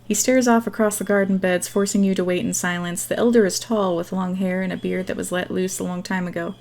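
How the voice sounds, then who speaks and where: A woman's voice: mid-range voice, flat delivery, a little fast, darkish tone. A woman hosting a gaming channel, reading a text game aloud in a casual way with small slips and chatty asides.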